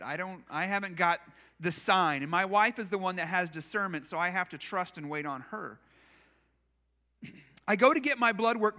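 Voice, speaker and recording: High, bright-voiced pastor telling stories. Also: male voice. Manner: conversational, self-deprecating storyteller. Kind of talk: storytelling sermon. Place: church.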